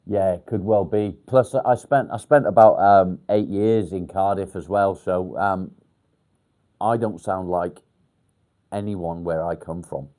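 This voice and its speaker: A man from near Warrington in England, chatting casually on a livestream and reading comments, pausing often to think and filling gaps ums. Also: low-pitched, warm tone. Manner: halting, pauses to think with many ums; swears casually. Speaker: livestream host.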